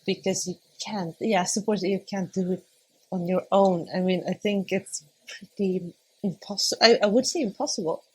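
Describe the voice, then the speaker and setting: Breathy, hesitant young woman. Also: mid-range voice, moderate pace, a little mellow. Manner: hesitant, searching for words, laughing often. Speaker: podcast guest. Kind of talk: casual conversation.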